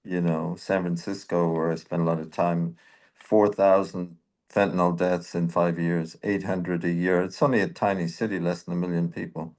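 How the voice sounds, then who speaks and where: A man's voice: deep voice, flat delivery, moderate pace, darkish tone. A man hosting a reflective conversation, thoughtful and conversational, often searching for words. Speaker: podcast host.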